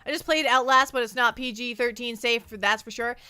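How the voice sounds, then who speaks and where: A woman's voice: on the high side, fairly even intonation, brisk, sharp tone, smooth, no echo, faint music behind. A woman streamer chatting casually and rambling, often repeating her words as she answers chat. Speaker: livestreamer.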